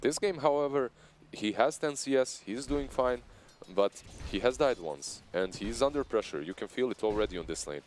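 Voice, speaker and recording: A man's voice: medium pitch, lively intonation, normal speed, hardly any pauses, darkish tone, slight background noise. A man with an Eastern European accent giving conversational, analytical esports commentary. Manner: analytical, conversational, laughs easily.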